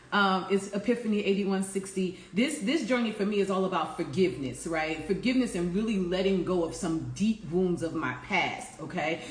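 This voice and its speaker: A woman's voice: mid-range voice, reverberant. A woman life coach giving an earnest, preachy morning talk and calling her listeners y'all. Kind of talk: casual inspirational morning talk.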